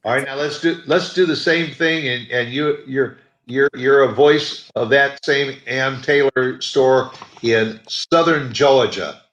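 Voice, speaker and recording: A man hosting a talk show over a video call, easygoing with halting restarts. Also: mid-range voice, fairly bright tone. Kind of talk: casual interview talk. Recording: echoey room on video call.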